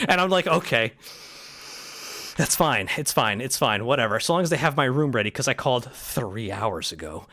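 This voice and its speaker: Animated young man ranting a story. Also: fairly high pitch. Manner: animated ranting, swears, acts out both sides of the exchanges. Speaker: streamer telling a travel story. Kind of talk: casual storytelling chat.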